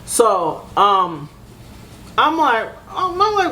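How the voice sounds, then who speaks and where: A young woman vlogger telling a casual storytime, animated, swearing freely and acting out both sides of an argument. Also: medium pitch, slow pace, a little hiss or hum. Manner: animated, swears freely, keeps saying "baby" and "right?", acts out both sides of a fight.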